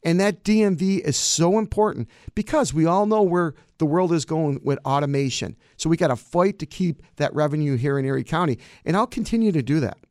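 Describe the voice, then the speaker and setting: A man's voice: on the high side, fairly quick, few pauses, darkish tone, dry recording, clean studio sound. A man, a county clerk answering campaign interview questions in an emphatic, combative way.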